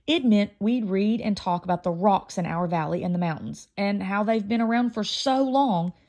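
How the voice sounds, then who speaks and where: A woman reading a children's novel aloud in a lively first-person storytelling voice. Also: mid-range voice, normal speed. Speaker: audiobook reader.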